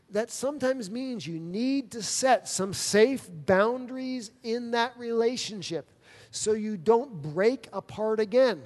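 A man's voice: high-pitched, darkish tone. A man preaching a sermon, telling a personal story in a conversational way with quoted dialogue. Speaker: pastor. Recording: long reverb of a large hall.

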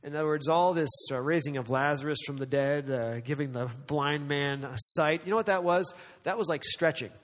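A male pastor preaching a dramatic, emphatic sermon full of rhetorical questions, slowing down for weighty lines and speeding up for asides. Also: on the high side, big-room sound. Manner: swings between slow weighty phrasing and quick asides.

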